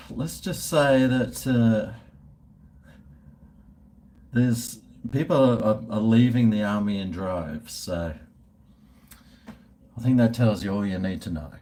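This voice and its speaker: With a fairly low, slightly mellow voice and a little hiss or hum on the recording, an Australian food reviewer livestreams and casually responds to viewer comments. He's easygoing and rambling, laughing and restarting sentences that trail off.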